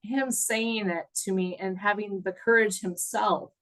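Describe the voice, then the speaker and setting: A woman's voice: mid-range voice, fairly even intonation, unhurried, fairly bright tone, low-quality recording. A middle-aged woman telling her story in an interview, earnest and reflective, audibly emotional. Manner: earnest, reflective, laughs at times. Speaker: guest.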